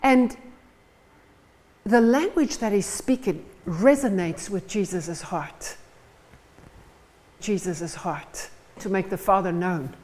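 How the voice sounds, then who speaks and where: A woman's voice: mid-range voice, slow pace, pauses often, a little mellow, rough recording. A woman preaching a sermon in church, retelling stories and acting out the scenes. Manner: storytelling, acts out the scenes.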